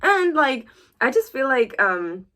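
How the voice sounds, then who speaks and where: A young woman with a slightly high voice co-hosts a casual podcast. She tells anecdotes in an animated way and slips into little acted-out bits of dialogue. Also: slow pace. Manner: animated storyteller, acts out dialogue. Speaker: podcast co-host. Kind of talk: casual chat.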